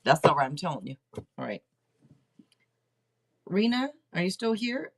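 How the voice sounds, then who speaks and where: A middle-aged woman hosting a casual livestream tarot reading, rambling and chatting out loud to herself between readings. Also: fairly low pitch, very animated, measured pace. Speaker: tarot reader and livestream host.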